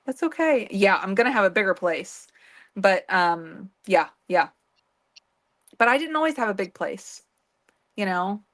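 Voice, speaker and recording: A woman's voice: medium pitch, sing-song, unhurried, long pauses, fairly bright tone. A woman co-hosting a casual beading livestream, talking in a rambling way with many fillers and restarts. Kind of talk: casual chat.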